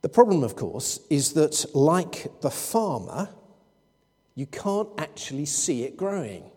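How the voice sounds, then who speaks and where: Male preacher, mellow and husky, expository sermon style. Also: on the high side, sing-song, slow. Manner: expository, with anecdotes and quoted dialogue. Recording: long hall reverb.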